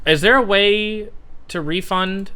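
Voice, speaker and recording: A man live-streaming from home, muttering and swearing as he troubleshoots his mic and voice software. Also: high-pitched, takes it slowly, clean tone. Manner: muttering, swearing while fixing audio setup. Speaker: game streamer. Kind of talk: casual live-stream chat. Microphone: desk microphone with voice software.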